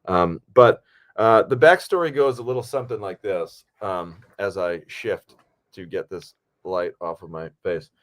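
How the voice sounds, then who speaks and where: A man co-hosting a podcast from home on a video call, telling a relaxed, rambling story with many fillers. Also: low-pitched, unhurried. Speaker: podcast co-host and actor. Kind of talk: casual podcast chat. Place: home, at a computer.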